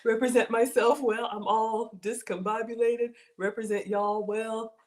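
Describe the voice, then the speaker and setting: Excitable woman, middle-aged, casual livestream cooking host, reads viewer comments aloud. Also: fairly high pitch, measured pace.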